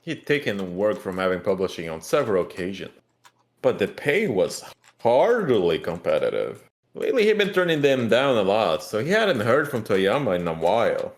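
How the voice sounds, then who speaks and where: A man narrating a story game aloud in a relaxed way, with joking asides to a co-player. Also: lowish voice, moderate pace. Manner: easygoing, jokey asides. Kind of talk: casual game read-along narration.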